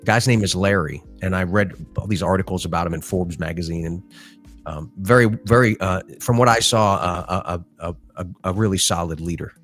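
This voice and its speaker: A man's voice: low-pitched, a little fast, fairly bright tone, soft background music. A middle-aged man co-hosting a podcast, telling stories in a casual, rambling way with lots of fillers. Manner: rambling storyteller with many fillers. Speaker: podcast co-host.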